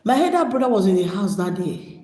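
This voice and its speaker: A woman's voice: medium pitch, sing-song, fairly quick, dark tone. A middle-aged woman telling her own life story in an emotional monologue, close to tears at times. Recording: echoey room with long reverb.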